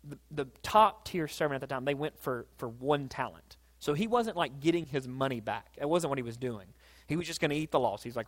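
A man preaching a sermon, telling a Bible story in a casual, animated way that builds to excited peaks. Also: medium pitch, fairly quick. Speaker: pastor.

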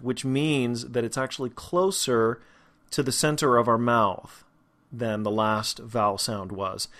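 A man teaching a podcast lesson on vowel sounds, explaining patiently and sounding out each vowel slowly and clearly. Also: medium pitch, fairly bright tone. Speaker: voice and speech teacher.

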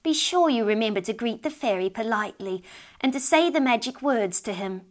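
A fretful, scolding old farmer's wife in a storybook , voiced by a woman narrator. She speaks in a raised, sharp voice and nags her husband. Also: fairly high pitch, animated, fairly quick, close to an everyday voice. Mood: reminding.

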